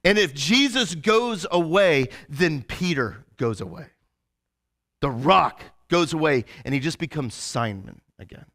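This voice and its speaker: A male pastor giving a sermon in a casual, animated storytelling way, with lots of fillers and restarts. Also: on the high side, a little slow.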